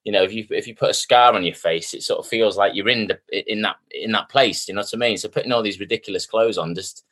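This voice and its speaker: A man's voice: fairly low pitch, fast talker. A man, an actor guest telling self-mocking stories in a casual interview. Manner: chatty, self-mocking storyteller, lively quoting.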